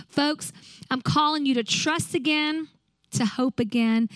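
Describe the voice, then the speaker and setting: A woman pastor preaches in a high, clear voice, pressing her listeners with earnest rhetorical questions. She moves from exhortation into heartfelt prayer. The sound is close and dry. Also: a little slow, no room sound, poor audio. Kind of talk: sermon and closing prayer.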